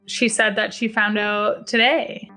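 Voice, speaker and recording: A woman's voice: mid-range voice, little pitch movement, a little slow, sharp tone, soft background music. A woman telling her own story on a podcast, blunt and profane, acting out the dialogue with emphasis. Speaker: podcast guest sharing a personal story. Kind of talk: first-person storytelling.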